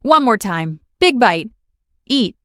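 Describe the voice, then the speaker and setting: Woman, English teacher, beginner lesson, unhurried repetition, dry close sound. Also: a little high, sing-song, no echo. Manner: slow, clear, repeats each word for learners.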